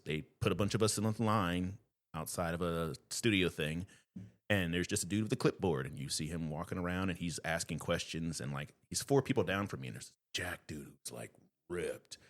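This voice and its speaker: A man's voice: low voice, brisk. A man who performs, a podcast guest telling stories in casual chat and acting out the people in them. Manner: animated storyteller, acts out quoted voices.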